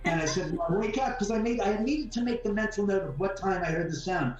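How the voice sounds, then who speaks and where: A man telling ghost stories in a casual interview, rambling and animated, often repeating words and swearing mildly. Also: high-pitched, brisk, muffled recording. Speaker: homeowner guest. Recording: echoey room from far off, faint music.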